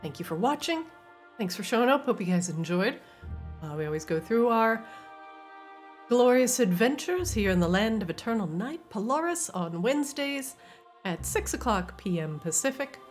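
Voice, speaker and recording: A woman hosts and runs a tabletop game stream, chatting casually with her players. She laughs often and her pitch moves freely. Faint music plays behind her voice. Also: expressive, moderate pace. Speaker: game master and host. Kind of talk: casual chat and stream sign-off.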